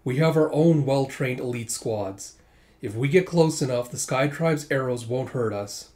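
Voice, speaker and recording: A man's voice: medium pitch, unhurried, a little mellow, lightly acted. A man voicing a defiant, boastful male tribal commander in a comic readthrough.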